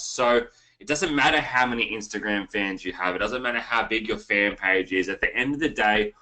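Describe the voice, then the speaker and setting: A man's voice: on the low side, pushed and bright, low-quality recording. An Australian man hosting an online marketing webinar, talking casually and calling the viewers guys. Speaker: webinar host.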